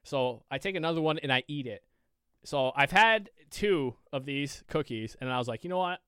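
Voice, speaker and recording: A podcast co-host telling a casual story, rambling with lots of fillers and swearing freely. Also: male voice, a little high, lively intonation, moderate pace, fairly bright tone, clear, resonant tone, no echo, clean studio sound.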